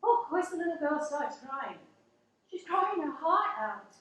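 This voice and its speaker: Stage monologue: a woman as a plain-spoken working wife, fairly high voice, unhurried emotional telling. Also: big pitch swings, fairly bright tone, roomy sound, exaggerated voice, low-quality recording. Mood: tense. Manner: slow, emotional, earnest retelling. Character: down-to-earth working wife finally standing up. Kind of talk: dramatic monologue storytelling.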